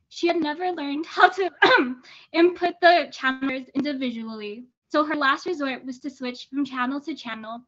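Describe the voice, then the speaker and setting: High-voiced teenage girl reading her essay. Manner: earnest, steady reading with small restarts. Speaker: student reader. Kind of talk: reading a personal essay aloud. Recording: dull lo-fi sound.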